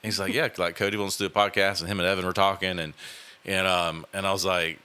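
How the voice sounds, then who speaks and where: A man with a deep, low-pitched voice that still sounds bright and forceful. He tells his story casually and earnestly as a podcast host, stopping and restarting often. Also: level tone, clean tone. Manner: halting, many fillers and restarts, earnest.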